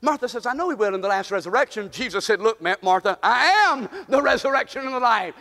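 Man preaching a sermon, fervent and shouting, very high bright voice, long hall reverb. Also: expressive, fast.

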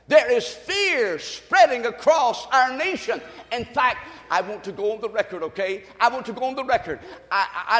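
A man preaching a sermon, leading the congregation to repeat after him and building to shouts. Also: sits high. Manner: call-and-response preaching, rising to shouts. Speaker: pastor. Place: church sanctuary. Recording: long reverb of a church hall.

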